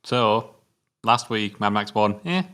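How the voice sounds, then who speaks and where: A British man hosting a film review show, brisk and teasing with dry quips. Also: medium pitch, fairly bright tone. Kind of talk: casual film chat with scripted intro.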